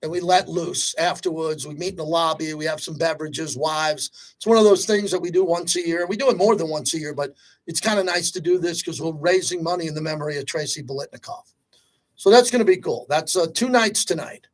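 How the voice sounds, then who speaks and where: A man hosting a sports talk radio show, talking in an energetic, rapid-fire, conversational way. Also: on the high side.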